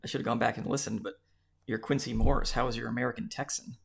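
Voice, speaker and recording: A man's voice: medium pitch, little pitch movement, fast talker, vocal fry, husky. A man hosting a book podcast in casual, joking chat. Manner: joking, easygoing. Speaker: podcast host.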